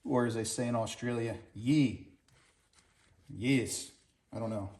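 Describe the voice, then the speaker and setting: A man's voice: medium pitch, level tone, quick pace, a little mellow. A man working on a car and talking through the repair to the camera in a folksy, casual how-to style. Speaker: home mechanic.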